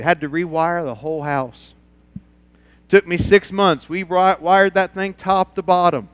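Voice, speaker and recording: A male pastor preaching a sermon, telling a personal story and moving from quiet, low passages to loud, fervent ones. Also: smooth, no room sound. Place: church.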